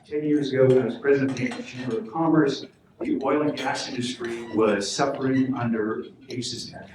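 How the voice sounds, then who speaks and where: A man's voice: mid-range voice, a little mellow, slight background noise. A middle-aged man from Alaska giving an earnest public speech at a political event, telling a joke before making his case. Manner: earnest, storytelling, emphatic. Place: hotel function room. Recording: echoey hotel hall, mic from far off.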